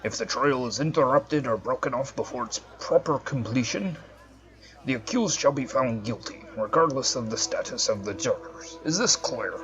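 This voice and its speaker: A man's voice: medium pitch, animated, normal speed, muffled recording, a crowd in the background, lightly acted. A man voicing a solemn male dwarf cleric with a put-on Scottish accent, reading the game's lines formally.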